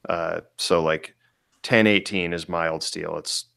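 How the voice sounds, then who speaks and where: A man's voice: low voice, steady tone, slow, creaky, bright, forceful tone, smooth, dry recording, clean studio sound. A man co-hosting a casual podcast, explaining technical details with many fillers and restarts. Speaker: blacksmith co-host.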